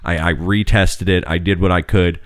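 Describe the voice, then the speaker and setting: A man's voice: low voice, fairly even intonation, normal speed, no echo, studio quality. A man in his thirties, a podcast host telling a long rambling story in casual chat, swearing freely. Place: home podcast studio.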